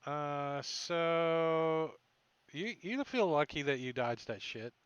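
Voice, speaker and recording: Casting note: male dungeon master, unhurried and offhand, with a bright, forceful voice. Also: on the high side, smooth, dry recording, lo-fi sound. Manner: slow, offhand, thinking aloud while moving tokens. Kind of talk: narrating a tabletop game online.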